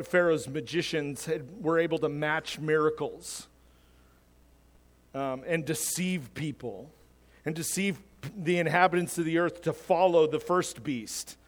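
A man's voice: fairly high pitch, in a large hall. A man preaching in a casual, plain-spoken way, teaching through a Bible passage. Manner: casual, plain-spoken, chuckles at his own examples.

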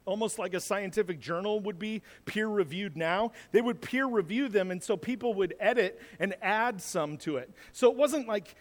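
High-voiced joking pastor in reverberant hall. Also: male voice, normal speed, few pauses. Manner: rambling, self-deprecating and joking, with frequent restarts. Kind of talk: casual sermon with personal stories.

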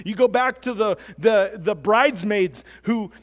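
High-voiced preacher in a reverberant hall. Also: male voice, normal speed, hardly any pauses. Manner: animated, rises when quoting, restarts often. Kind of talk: sermon.

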